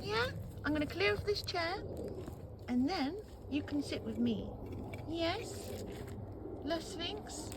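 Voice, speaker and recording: A woman talking slowly to her cat in a casual vlog, cooing high sing-song baby talk and repeating soft affectionate phrases. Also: lively intonation. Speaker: vlogger. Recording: loud background noise.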